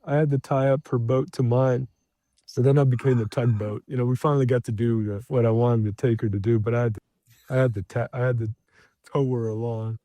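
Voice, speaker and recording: In a mid-range voice that runs a little fast, a middle-aged podcast guest relays a travel anecdote in a relaxed way. He restarts often, uses plenty of fillers, and animatedly acts out the shouted quotes, with no room sound in the recording.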